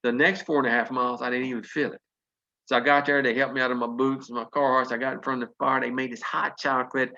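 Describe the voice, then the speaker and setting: A man's voice: mid-range voice, flat delivery, quick pace, gravelly, bright, forceful tone, highs cut off. A Southern man in his fifties from North Carolina, telling earnest, folksy stories as a motivational speaker on a video call. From North Carolina, USA. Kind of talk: motivational storytelling.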